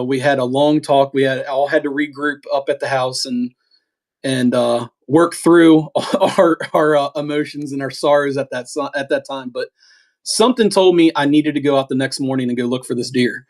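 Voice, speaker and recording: A middle-aged man telling a story in a casual, animated way, halting with restarts and acting out what was said. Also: medium pitch. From eastern United States. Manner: animated, halting with restarts, acts out quoted talk. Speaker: podcast co-host telling a hunting story.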